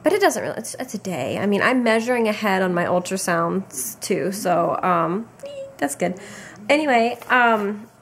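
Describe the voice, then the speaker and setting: A woman's voice: mid-range voice, expressive, normal speed, creaky, a bit bright, a little hiss or hum. A tired young woman giving a casual pregnancy update to her camera, chatty and rambling with many fillers and restarts. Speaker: vlogger.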